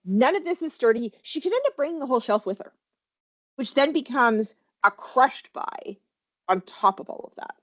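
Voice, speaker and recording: A woman's voice: high-pitched, expressive, normal speed. A woman workplace safety trainer giving a webinar presentation, talking animatedly and quizzing her listeners with questions.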